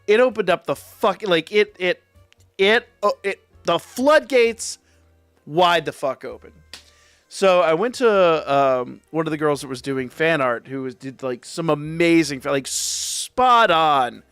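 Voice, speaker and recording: A man's voice: a little high, a bit bright, no echo. Profane, rambling man telling a story. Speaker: streamer. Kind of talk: casual live-stream storytelling.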